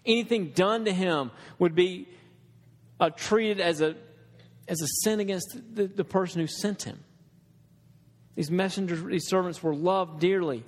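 A man's voice: high voice, measured pace, pauses often, big-room sound. A man preaching a sermon in an earnest, conversational way, with restarts and asides to the congregation.

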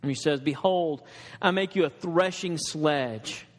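A man's voice: fairly high pitch, measured pace, in a large hall. A man preaching a sermon in an earnest, conversational way, with restarts and asides to the congregation.

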